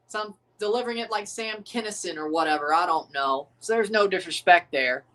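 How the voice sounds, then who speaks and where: A woman's voice: on the low side, brisk, hardly any pauses, a bit bright. A woman hosting a live sports watchalong, joking and swearing, abrasive on purpose. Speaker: livestream host.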